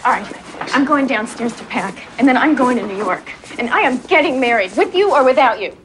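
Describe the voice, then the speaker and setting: An indignant, sarcastic fiancée whose high voice leaps sharply up and down. The film soundtrack carries clear background noise under her lines. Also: animated, fairly quick. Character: upset woman, the psychiatrist's fiancée. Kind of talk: film dialogue.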